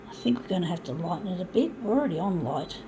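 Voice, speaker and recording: A woman's voice: lowish voice, expressive, quick pace. A middle-aged woman vlogging in a blunt, ranting way and swearing freely as she chats while photocopying, with a photocopier's mechanical noise behind her. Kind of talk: casual chat while photocopying.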